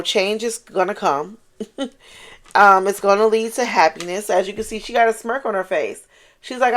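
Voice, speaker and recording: A woman talks through a tarot spread in a loose, chatty way. She swears freely and gets animated, breaking into exclamations. She repeats her key lines for emphasis, at a voice pitch in the middle range for a woman. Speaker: tarot card reader. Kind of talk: casual channeled tarot reading.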